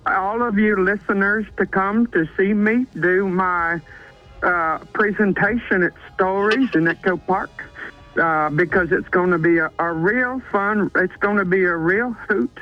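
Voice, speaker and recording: A man calling into a radio show, imitating a rambling, self-important male author in a halting delivery over the phone. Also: high voice, fairly even intonation, faint music behind. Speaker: radio caller. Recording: dull phone line.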